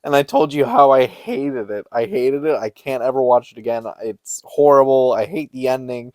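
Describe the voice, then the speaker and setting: A young man co-hosting a podcast in casual chat, animated and laughing, acting out what people said. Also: medium pitch, moderate pace, dry recording, studio quality. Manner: animated, laughing storyteller who acts out quotes. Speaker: podcast co-host.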